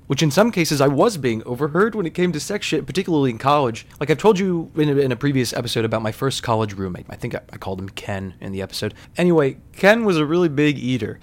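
A young adult man hosting a podcast, telling a personal story in a candid, wry, conversational way, with lively quoted lines and dramatic slowdowns. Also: medium pitch. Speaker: podcast host. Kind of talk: storytelling monologue.

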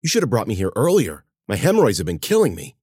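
A man's voice: fairly low pitch, wildly swooping pitch, fast talker, darkish tone, slightly rough, no room sound, studio quality, voice pushed up, heavily acted. A man voicing a wounded young man who speaks weakly and strained, with a wry edge.

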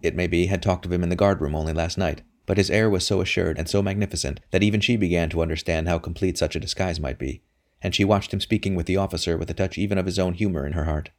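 A man narrating a historical novel in a steady, measured reading. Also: low voice. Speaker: audiobook narrator. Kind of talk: scripted narration.

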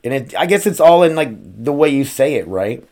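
Casting: man, solo podcast host, profane rambling rant, everyday mid-pitched voice. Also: sing-song, moderate pace, a little mellow. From United States. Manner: profane, rambling, rhetorical questions.

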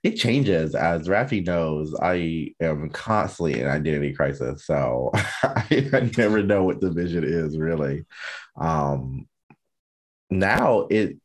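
A man with a very low voice co-hosting a podcast. He chats casually in an expressive, campy way. His tone stays playful as he talks through his thoughts. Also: slow. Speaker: podcast co-host.

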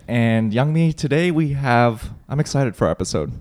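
A man's voice: mid-range voice, animated, moderate pace, darkish tone, no room sound. A jokey man co-hosting a podcast, laughing often as he talks. His voice swings widely up and down as he riffs. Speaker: podcast co-host. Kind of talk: casual chat.

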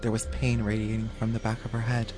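Guy narrating a spooky audio drama, very flat delivery, loud music under him. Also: lowish voice, quick pace.

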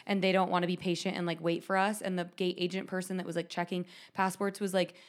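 Fast-talking woman telling a story. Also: lowish voice. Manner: animated, quick, many "like" fillers. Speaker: podcast co-host. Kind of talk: casual storytelling chat.

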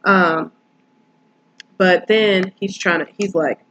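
A woman's voice: lowish voice, takes it slowly, fairly bright tone, muffled recording. A woman casually retelling and reviewing a film, rambling with lots of fillers.

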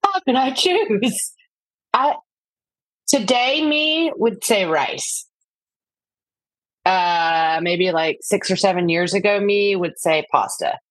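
A woman's voice: lowish voice, animated, slow, long pauses, no echo, poor audio. A woman in her forties chatting casually with her sister on a podcast, hesitating and laughing easily. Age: 40s. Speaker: podcast guest. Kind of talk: casual chat between sisters.

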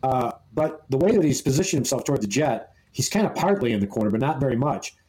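A man's voice: medium pitch, expressive, fast, warm tone, low-quality recording. A man co-hosting a podcast, telling an amused, rambling anecdote full of restarts. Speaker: podcast co-host. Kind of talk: casual storytelling chat.

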